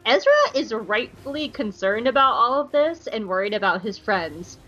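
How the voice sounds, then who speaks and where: A fairly high-voiced woman recaps a cartoon episode with a playful, joking delivery, now and then acting out lines in silly voices. The podcast audio is a little dull and muffled, with faint music underneath. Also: expressive, moderate pace, pushed and bright. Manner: playful, jokey, acts out quotes in silly voices. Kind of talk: casual recap with comic voiced quotes.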